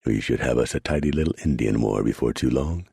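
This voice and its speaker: A man's voice: very deep voice, a little fast, gravelly, warm tone, husky, no echo, studio quality, exaggerated voice. A man voicing a smug, scheming trader plotting at a table.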